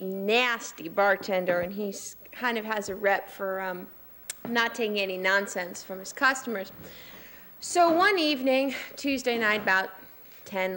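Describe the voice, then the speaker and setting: A woman telling a joke on a city street in a brisk way, acting out the characters as she goes. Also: medium pitch, a bit bright, a little hiss or hum. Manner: brisk storyteller who acts out the characters.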